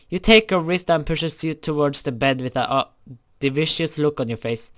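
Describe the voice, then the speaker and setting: A man's voice: fairly high pitch, moderate pace, fairly bright tone. A young man reading a fan story aloud, often stumbling over words and correcting himself.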